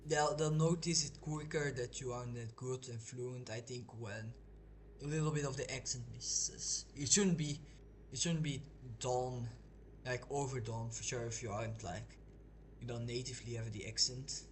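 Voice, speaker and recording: A man's voice: medium pitch, steady tone, normal speed. Rambling man on a noisy mic. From Belgium. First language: not English. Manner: rambling, hesitant, many restarts and fillers. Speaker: gaming streamer. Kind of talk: casual gameplay commentary.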